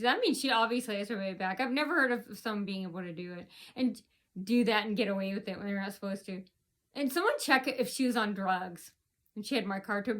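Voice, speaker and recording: A woman's voice: on the high side, a bit bright. A woman vlogger telling a personal story in an indignant, rambling rant, often repeating herself.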